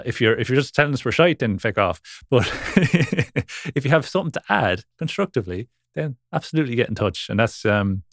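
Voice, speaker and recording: A man's voice: mid-range voice, gravelly, dry recording, studio quality. Easygoing Irish man co-hosting a podcast. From Ireland. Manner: laid-back, blunt, swears casually. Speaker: podcast co-host. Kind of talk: casual chat.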